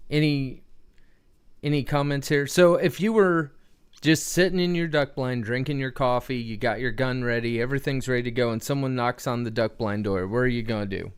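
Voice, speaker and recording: A man's voice: medium pitch, clean tone. Man hosting a rambling livestream. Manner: rambling, talks straight to chat, asks viewers questions. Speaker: livestream host. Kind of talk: casual livestream chat with viewers.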